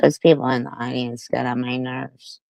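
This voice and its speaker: A woman from the United States hosting a casual commentary stream, unhurried and opinionated, with many "um"s and "you know"s. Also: very deep voice, little pitch movement, vocal fry, darkish tone, dry recording, low-quality recording.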